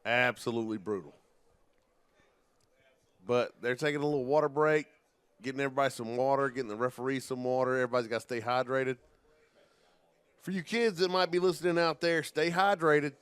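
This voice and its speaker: A man calls a football game play by play, folksy and jokey with plenty of energy. His voice is smooth and resonant, and it sits dry and close with no room sound around it. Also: medium pitch, a little fast, long pauses, fairly bright tone, no echo. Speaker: play-by-play commentator. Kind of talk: live football play-by-play commentary.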